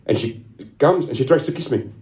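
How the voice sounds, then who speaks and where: A man's voice: medium pitch, fast, a little mellow, roomy sound. A young man performing a stand-up comedy set, telling a rambling story, laughing at his own jokes and swearing casually.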